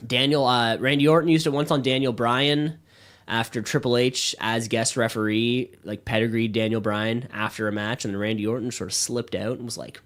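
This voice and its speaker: A man co-hosting a casual podcast, recorded in a studio. He rambles excitedly, piles on fillers and curses freely. His pitch and pace are middling for a man. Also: normal speed. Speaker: podcast co-host.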